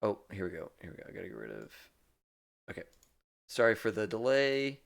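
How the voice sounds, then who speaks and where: Gravelly low-voiced man, effusive. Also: wildly swooping pitch, fairly quick, background noise. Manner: effusive, chatty, laughs often. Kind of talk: casual chat on a charity stream.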